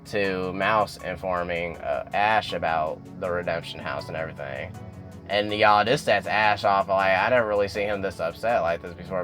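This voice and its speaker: Young male vlogger, low voice, faint music under him, chatty slangy storyteller who keeps calling out to his viewers. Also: a bit bright. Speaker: TV recap vlogger. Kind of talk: casual episode recap.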